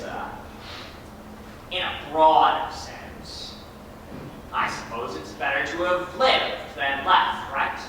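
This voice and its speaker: A man's voice: high-pitched, sharp tone, slight background noise, full character voice. A young man playing a rambling, wry theatre fan. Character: wistful, chatty male theatre fan narrator. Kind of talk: school stage musical. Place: school stage. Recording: echoey hall from far off.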